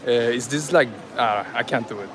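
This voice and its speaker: A man's voice: medium pitch, normal speed, noisy background. A man chatting and joking with his viewers on a live stream while he drives and then shops, recorded on a handheld phone. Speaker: livestreamer. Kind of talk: casual live-stream chat. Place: car, then inside a large grocery store. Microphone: phone held in hand.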